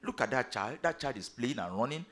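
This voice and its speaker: A man's voice: medium pitch, expressive, fairly quick, fairly bright tone. Preaching man with emphatic declarations. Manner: preaching with emphatic rising declarations and repeated phrases. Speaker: pastor. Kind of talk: sermon.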